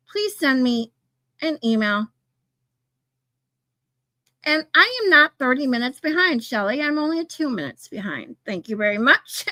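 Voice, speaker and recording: A woman's voice: sits high, pushed and bright, dry recording. A woman hosting a casual livestream, chatting with viewers, swearing casually and laughing often. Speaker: livestream host. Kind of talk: casual livestream chat, reading chat.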